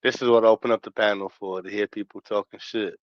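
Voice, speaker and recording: A man's voice: fairly low pitch, steady tone, fast, dry recording. A man hosting a stream panel, talking in a laid-back, easygoing way. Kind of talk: casual stream chat. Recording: dull lo-fi dry sound.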